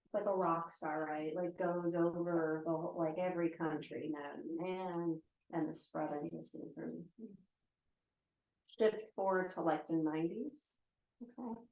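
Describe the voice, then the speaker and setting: A woman's voice: lowish voice, steady tone, a little slow, a little mellow. A woman in her forties teaching yoga and meditation in a casual live lecture, chatty and full of "right?" asides. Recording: roomy echo.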